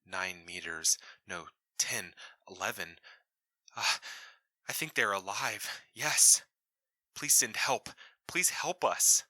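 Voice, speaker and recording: A man voicing a terrified male cosmonaut who pleads in a hushed, breathless voice. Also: fairly low pitch, takes it slowly, long pauses, no room sound, full character voice. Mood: panicked pleading.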